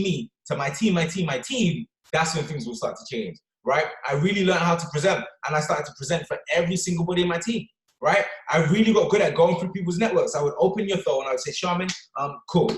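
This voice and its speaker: Energetic man preaching, roomy echo. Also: high-pitched, quick pace. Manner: energetic, punctuates with "right?" and "okay?". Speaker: motivational speaker on a team call. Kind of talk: motivational talk. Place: office or London. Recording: echoey room.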